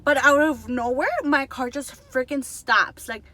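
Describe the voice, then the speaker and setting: A young woman in her twenties telling a story to the camera, chatty and fast, slipping between Spanish and English. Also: sits high, steady tone, pushed and bright. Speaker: vlogger.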